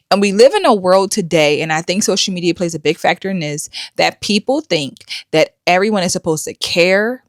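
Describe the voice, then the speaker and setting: A woman's voice: on the low side, no echo, clean studio sound. A middle-aged woman hosting a commentary show, blunt and lecturing. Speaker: host. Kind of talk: commentary vlog.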